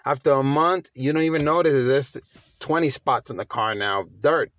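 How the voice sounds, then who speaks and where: A man's voice: mid-range voice, lively intonation, normal speed, a bit bright, no echo. A middle-aged man giving casual, slangy motivational talk, emphatic and repeating himself as he restarts his phrases. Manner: slangy, conversational. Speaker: motivational vlogger.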